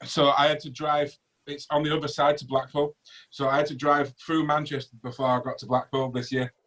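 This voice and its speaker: A man's voice: on the high side, flat delivery, a little fast, a bit bright, low-quality recording. Rambling Yorkshire man, chatty guest. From Yorkshire, England. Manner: rambling, hesitant, full of ums and digressions. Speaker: magician guest.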